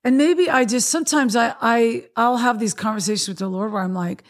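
A woman's voice: on the high side, fairly quick. A woman hosting an interview, reflecting aloud in a thoughtful, searching way and feeling her way through her sentences. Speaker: host. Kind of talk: casual interview chat.

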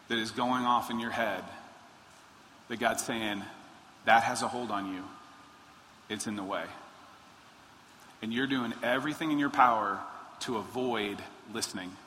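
A man preaching a sermon, animated, acting out quoted pleas in a raised voice. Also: mid-range voice. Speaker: pastor. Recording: long hall reverb, faint noise.

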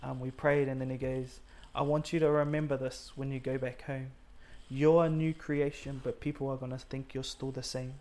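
A man's voice: medium pitch, flat delivery, normal speed, hardly any pauses, warm tone. Nz guy in his 30s, earnest, telling his testimony, acts out what everyone said, lots of ums. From New Zealand. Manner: earnest, acts out his own and others' quoted words, many fillers. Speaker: guest sharing a faith testimony. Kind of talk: personal storytelling in conversation.

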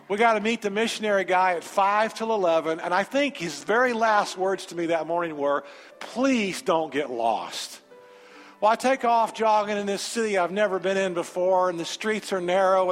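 A man preaching a sermon in a large church sanctuary, telling a personal story with animated energy and then moving into an emphatic altar call. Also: sits high. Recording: reverberant sanctuary with faint music.

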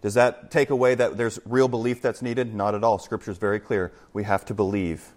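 A middle-aged man preaching a conversational verse-by-verse sermon, animated, with joking asides and acted-out quotes. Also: lowish voice, a little fast. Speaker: pastor.

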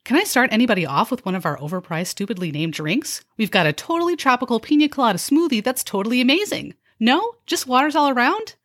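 A woman playing a chirpy, sarcastic young restaurant server who mixes bubbly upselling patter with deadpan jabs. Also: on the high side, quick pace, few pauses, pitched above the performer's own voice. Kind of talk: comedy skit.

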